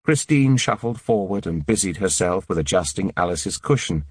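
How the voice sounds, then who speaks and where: An audiobook narrator with a deep, slightly rough voice reads a thriller in scripted narration. His intonation is lively, his pace moderate, and the studio sound is clean with no echo.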